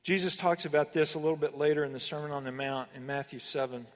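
A man preaching a sermon as pastor, animated and emphatic, with sudden rises and pauses. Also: on the high side, big-room sound.

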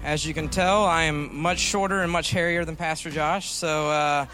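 A man giving a sermon as a guest preacher, folksy and joking, slowing down to stress his points. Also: fairly high pitch, steady tone, sharp tone, soft background music.

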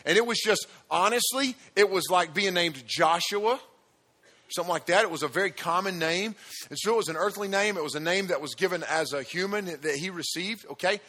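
A man preaching a sermon in an energetic, emphatic way, talking directly to his audience. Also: high voice.

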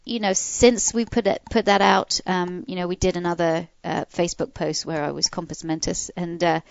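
A woman's voice: lowish voice, fairly even intonation, moderate pace, gravelly, no echo, lo-fi sound. A woman dog trainer speaking candidly as a guest in a casual conversation, emphatic at times.

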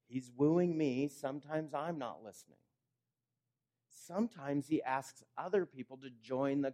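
A pastor preaching a sermon. He talks to the congregation conversationally, asks them questions, and moves between emphatic lines and quiet, low endings.

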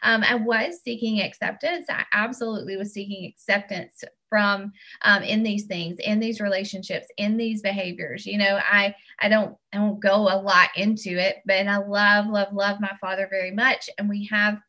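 A woman's voice: mid-range voice, steady tone, moderate pace, sharp tone. A woman giving a personal faith testimony, earnest and heartfelt, sometimes restarting her words. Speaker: church member giving testimony.

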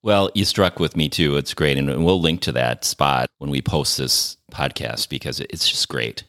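A man's voice: very deep voice, normal speed, fairly bright tone. A man hosting a podcast interview, asking questions and praising his guest's work. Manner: admiring, asks questions in short turns.

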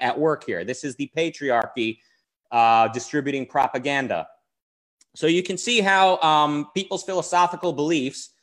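A man's voice: on the high side, fairly bright tone. A man co-hosting a casual philosophical discussion who talks in a discursive way, restarting sentences and qualifying what he says. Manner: discursive, qualifies his statements, frequent restarts. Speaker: co-host.

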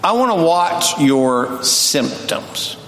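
A preacher voicing a calm old country doctor. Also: male voice, on the high side, extremely slow, heavily acted. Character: wise unhurried old country doctor, male. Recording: echoey hall, faint noise.

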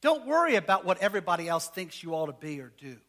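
A man's voice: high-pitched, sing-song, fast, a bit bright. A man preaching a sermon in church, joking and firing questions at the congregation. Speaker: pastor.

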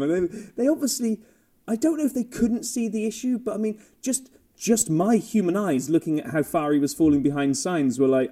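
Animated man with a Connecticut accent. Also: high voice, normal speed. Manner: animated storyteller, mimics others, laughs often. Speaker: podcast co-host. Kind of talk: casual race recap chat.

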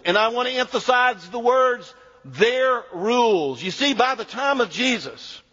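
A man preaching a sermon as pastor, emphatic and animated, sometimes dropping to a low, quiet delivery. His voice is husky. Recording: dull sound with long hall reverb.

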